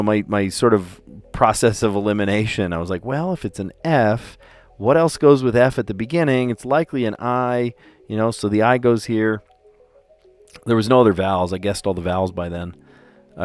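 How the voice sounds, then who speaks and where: A man hosting a livestream, chatting casually and playfully as he recaps the day's word puzzles. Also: fairly low pitch. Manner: chatty and playful, often laughing at his own stories.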